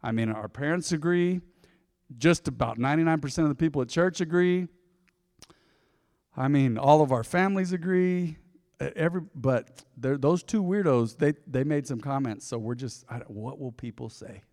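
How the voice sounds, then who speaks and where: A male pastor preaches conversationally, often putting questions to the congregation, his slightly mellow voice on the high side at normal speed. The long reverb of a large hall surrounds him.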